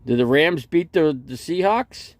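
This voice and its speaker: A man's voice: on the high side, lively intonation, a little slow, no room sound. A middle-aged man hosting a casual live stream from inside his vehicle, speaking into a phone and rambling with lots of restarts. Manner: rambling, repeats and restarts, talkative.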